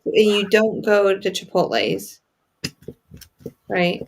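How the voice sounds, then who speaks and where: A woman with a gravelly, creaky edge joins a casual chat with short agreeing remarks. She sounds like she is on a video call. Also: medium pitch, lively intonation, a little hiss or hum. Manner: quick agreeing interjections.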